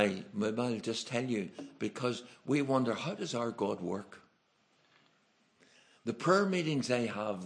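A man with an Irish accent preaching a sermon, telling folksy, humorous stories from his travels. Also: medium pitch. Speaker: evangelist preacher. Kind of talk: storytelling sermon.

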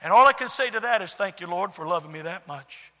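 A man's voice: high-pitched, lively intonation, quick pace, sharp tone. A middle-aged man preaching a sermon, telling folksy stories with many fillers and restarts. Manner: folksy storytelling, repetitive, frequent fillers and restarts. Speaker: pastor. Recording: long hall reverb.

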